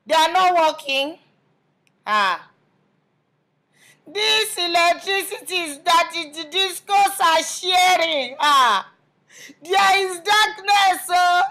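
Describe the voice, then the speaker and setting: This is a shrill, drawn-out Nigerian First Lady figure, put on by a woman for a comedy skit. She scolds and wails in long, very slow phrases with a Nigerian accent. The tone is bright and piercing. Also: animated, exaggerated voice. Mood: complaining. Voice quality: drawn-out wailing, repeats "there is God, oh". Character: wailing, pompous older woman, First Lady impression.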